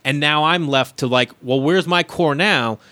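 A man's voice: a little high, moderate pace, no room sound. Man telling stories in casual chat. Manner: animated storyteller acting out quotes, swears freely.

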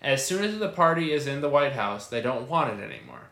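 A man's voice: medium pitch, sing-song, fairly quick, bright, forceful tone, echoey room. A young man co-hosting a casual podcast, reading news passages aloud and joking around in between. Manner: loose, joking, reads article passages aloud. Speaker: podcast co-host.

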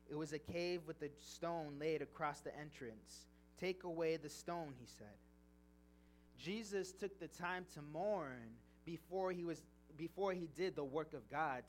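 Earnest young male preacher, slightly high. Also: slight background noise. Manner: earnest, emotional, reading scripture then storytelling. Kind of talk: sermon with personal testimony.

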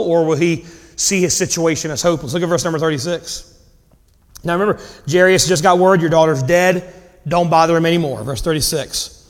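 A man preaches in a high voice, mixing old scripture wording with casual retellings of the dialogue. His words ring out with the long reverb of a church hall. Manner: preaching with paraphrased dialogue and dramatic pauses. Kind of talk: sermon.

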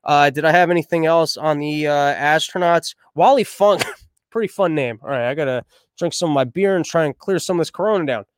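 A man's voice: a little high, a little fast, no echo, studio quality. A man hosting a podcast, riffing on the news in a crude, irreverent, rambling way. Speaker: podcast host. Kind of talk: comedic news commentary.

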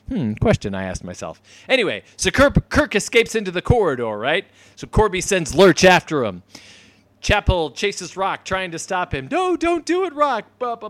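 A man co-hosting a podcast, casually recapping an episode, laughing often and acting out lines in quick voices. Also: a little high, no room sound. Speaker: podcast co-host.

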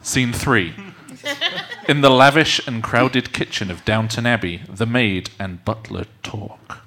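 A man's voice: lowish voice, unhurried, bright, forceful tone, slight background noise. A man narrating a comedy skit, reading stage directions with playful, wry asides.

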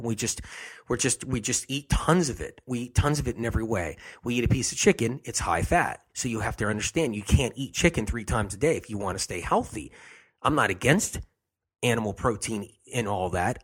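A man with a husky, slightly rough voice hosts a health show. He talks with emphasis and hammers the same phrases again and again to drive his points home. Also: fairly low pitch. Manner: emphatic, repeats key phrases over and over.

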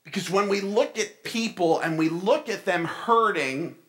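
A male pastor preaching a sermon in a church, animated and asking his congregation questions. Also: sits high, measured pace. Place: church sanctuary.

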